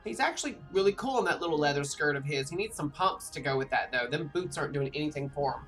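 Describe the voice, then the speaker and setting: A man's voice: fairly high pitch, animated, fast, a bit bright, faint music behind. A man chatting casually on a livestream while he plays, telling a rambling story full of fillers and restarts. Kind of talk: casual chat while playing a game.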